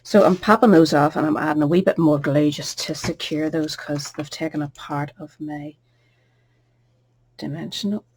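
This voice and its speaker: A woman giving a casual, chatty card-making tutorial, with soft asides under her breath. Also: deep voice, steady tone, moderate pace.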